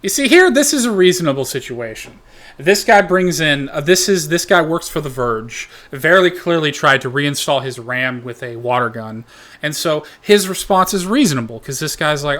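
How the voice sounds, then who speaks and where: A man's voice: a little high, normal speed. Rambling, profane male reaction host. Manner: rambling, animated, swears a lot. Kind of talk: profane comedic commentary.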